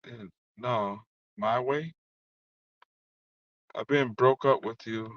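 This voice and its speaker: A man's voice: mid-range voice, takes it slowly, no echo. A man vlogging a heated, rambling monologue, cursing and repeating the same filler as he talks to someone who wronged him. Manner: rambling, profane, keeps repeating "you know what I'm saying". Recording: dull lo-fi dry recording.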